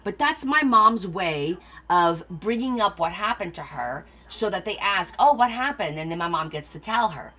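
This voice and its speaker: A woman's voice: fairly low pitch, animated, normal speed, few pauses, bright, forceful tone, faint music behind. A middle-aged woman talks casually to her livestream viewers as the host of a crafting stream. She tells stories in a chatty way and answers viewer comments as she goes. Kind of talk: casual chat with live viewers.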